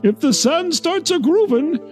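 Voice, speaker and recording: A man's voice: very high voice, animated, unhurried, soft background music, voice pushed up. A man putting on a heroic cartoon narrator voice, theatrical and sweeping, reading a creature entry. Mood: dramatic. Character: heroic cartoonish male narrator, booming and dramatic.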